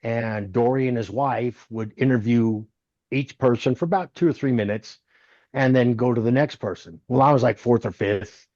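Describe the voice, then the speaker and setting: A former wrestler in his sixties tells stories during an interview, animatedly acting out other people's lines. His mid-range voice moves at a moderate pace. The recording is dull, dry, and lo-fi, with no room sound.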